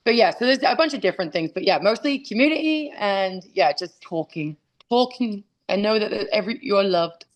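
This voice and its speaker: A woman in her thirties chats openly as an interview guest, her voice sitting at a middling pitch. She talks loosely, with plenty of "like" and "you know" and restarts. She's heard over a video call from home. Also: lively intonation, normal speed. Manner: candid, chatty, many fillers and restarts. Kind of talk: casual interview chat.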